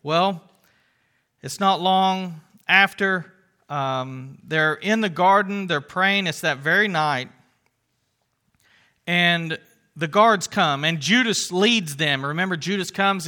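A man preaching a sermon in a conversational way, retelling the story with lively asides to the congregation. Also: sits high, takes it slowly.

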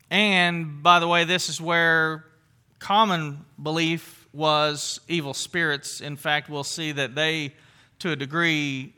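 A middle-aged man preaches in a plain, conversational manner, breaking off into asides and restarting his sentences. His voice sits high for a man and rings very bright and forceful. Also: clear, resonant tone. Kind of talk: sermon.

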